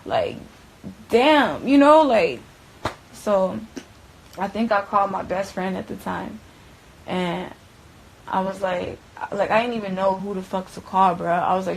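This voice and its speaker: A woman's voice: mid-range voice, animated, unhurried, vocal fry, long pauses, slight background noise. A young woman telling a story in a casual way, blunt and profane, with lots of "like" and "bruh". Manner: blunt, profane, filler-heavy, keeps saying bruh and like. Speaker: witness recounting an event. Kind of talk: casual first-person storytelling.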